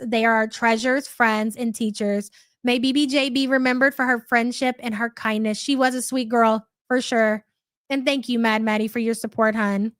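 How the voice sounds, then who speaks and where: A woman's voice: on the high side, a bit bright, no room sound. A woman hosting a live reaction stream, reading out chat messages in a blunt, profane, mocking way.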